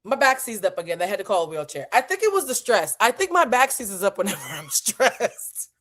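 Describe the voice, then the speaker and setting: A woman hosting her channel, telling a story in an animated, profane, dramatic way. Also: mid-range voice, a little fast. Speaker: host. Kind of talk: casual comedic storytelling.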